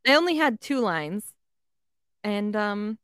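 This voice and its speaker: A woman's voice: medium pitch, sing-song, slow pace, a bit bright, clear, resonant tone, dry recording, clean studio sound. A woman co-hosting a podcast, chatting in an easygoing, agreeable way. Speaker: podcast co-host. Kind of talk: casual comedic chat.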